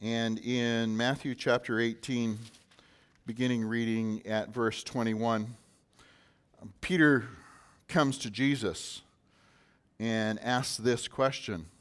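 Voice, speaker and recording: A man's voice: medium pitch, steady tone, takes it slowly, pauses often, fairly bright tone, clean tone. Man preaching a casual, punchy sermon. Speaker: pastor.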